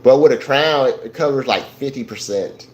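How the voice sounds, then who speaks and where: A man's voice: medium pitch, normal speed, a little hiss or hum, rough recording. A man hosting a casual livestream, talking about insurance in a rambling way, repeating himself and restarting his sentences. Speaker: livestream host. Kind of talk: casual livestream talk to viewers.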